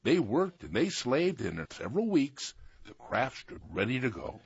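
A man reading a tall tale aloud as storyteller, in an animated, expressive way. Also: medium pitch, moderate pace, gravelly, husky, dull audio.

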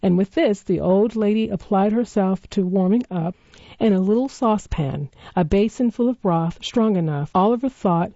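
A woman narrating a classic story in a measured, expressive reading voice. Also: medium pitch, no echo. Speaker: audiobook narrator. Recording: dull, dry lo-fi recording.

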